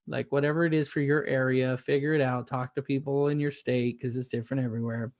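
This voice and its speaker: A man's voice: medium pitch, level tone, fast, a little mellow, dry recording, studio quality. A male podcast host interviewing a guest, rambling and encouraging with frequent restarts. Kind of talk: casual interview hosting.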